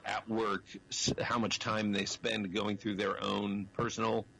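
A man's voice: lowish voice, flat delivery, a little slow, creaky, pushed and bright, slight background noise, poor audio. A man giving the weather on a radio chat show in an easygoing, hesitant way. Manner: hesitant, easygoing, full of fillers. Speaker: weather contributor.

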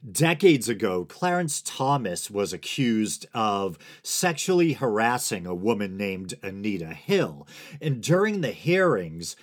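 This is a man in his forties from the United States, hosting his own podcast alone. His voice sits on the low side. He talks in a loose, digressive way, with wry asides that he chuckles at. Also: big pitch swings, a little slow. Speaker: podcast host. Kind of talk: solo podcast commentary.

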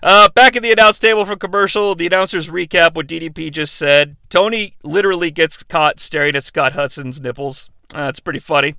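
A man's voice: on the high side, brisk, vocal fry, hardly any pauses, bright, forceful tone, clean tone, dry recording. A man hosting a casual, comedic recap, full of sarcastic asides and swearing. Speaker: podcast host recapping a wrestling show.

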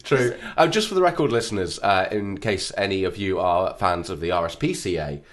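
A man's voice: sits low, animated, fairly quick. A man co-hosting a podcast in casual comic chat, speaking in a mock-formal way to listeners. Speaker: podcast co-host.

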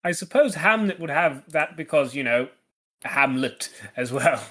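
A man's voice: on the high side, expressive, a little slow, bright, forceful tone. A man co-hosting a podcast in casual chat, explaining background from his notes with dry wit. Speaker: podcast co-host.

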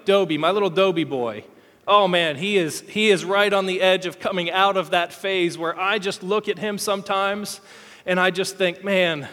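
A man with a high voice preaches to a congregation, sounding open and conversational and poking fun at himself now and then. His voice carries a long reverb from a large church hall. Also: a bit bright. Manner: candid, conversational, self-deprecating humor. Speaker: pastor. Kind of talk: sermon.

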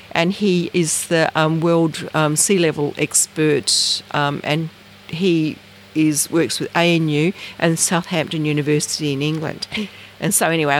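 An Australian researcher telling a story in casual, rambling talk, acting out conversations with big jumps in pitch. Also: slight background noise. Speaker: interviewee, researcher.

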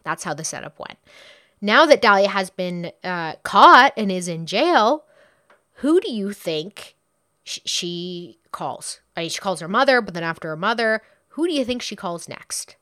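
A woman's voice: mid-range voice, very animated, measured pace, a bit bright, no room sound, clean studio sound. A woman casually retelling a true crime case, chatty and blunt, swearing freely and acting out what people said.

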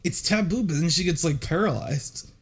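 A man co-hosting a casual film podcast, animated and laughing often with quick asides. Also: fairly high pitch, husky. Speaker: podcast co-host. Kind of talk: casual chat.

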